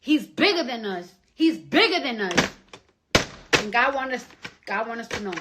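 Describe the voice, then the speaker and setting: A young woman chatting on a phone live stream at home, profane and rambling, swinging from loud outbursts to hushed whispers. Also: on the high side, lively intonation, moderate pace, very noisy. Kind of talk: casual live-stream chat.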